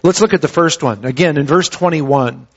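A man preaching a sermon who reads scripture and then explains it in a conversational way, often pausing and restarting his phrases. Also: a little high. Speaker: pastor. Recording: dull lo-fi sound.

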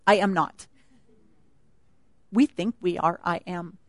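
A woman's voice: lowish voice, slow pace. A woman speaking at a retreat, teaching a Bible passage in a chatty, laughing sermon style.

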